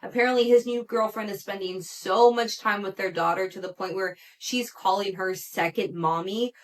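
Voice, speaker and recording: A woman hosts a podcast and talks through a reality TV episode in a loose, gossipy recap. Her voice sits at a middle pitch, and she keeps up an animated, chatty flow full of "like" fillers and quick laughs. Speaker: podcast host.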